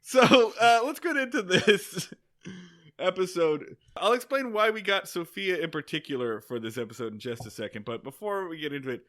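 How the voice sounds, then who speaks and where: Bright, animated joking male podcast host. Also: high voice, normal speed. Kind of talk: casual chat.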